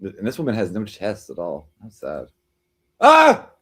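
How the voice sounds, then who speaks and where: A man's voice: low-pitched, expressive, fairly quick, warm tone, breathy edge. A man hosting a live stream, chatting casually with viewers and reading their comments, rambling and teasing as he jumps from joke to joke. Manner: rambling, teasing, jumps between jokes and chat replies.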